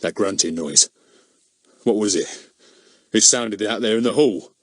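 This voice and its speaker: A man's voice: lowish voice, measured pace, no room sound, studio quality. A man reading an audiobook voices a pompous village policeman who blusters and gets easily frightened. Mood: scared.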